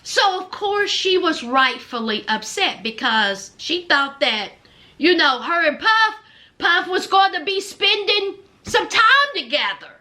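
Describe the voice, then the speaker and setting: Speaking at a slow pace in a very high register, a woman gushes her way through a casual recap of a reality TV show. She chats along animatedly, acting out people's lines and scattering fillers everywhere.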